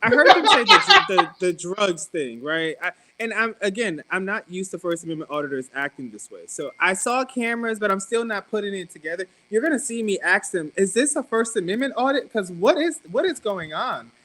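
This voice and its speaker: Animated man retelling with laughs. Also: high voice, a little fast, hardly any pauses, low-quality recording. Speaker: city clerk, interview guest. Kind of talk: casual live-stream interview.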